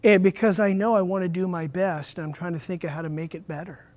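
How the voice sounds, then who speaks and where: A man running a teacher training workshop, talking straight to his audience in a lively way. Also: high voice, fast talker. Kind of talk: workshop lecture.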